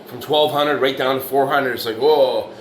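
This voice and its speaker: A man's voice: medium pitch, steady tone, moderate pace, a little hiss or hum. Blunt, profane middle-aged man. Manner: profane, blunt, tough-talking; peppers speech with "you know" and "right". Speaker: bricklayer vlogger. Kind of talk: rambling motivational monologue.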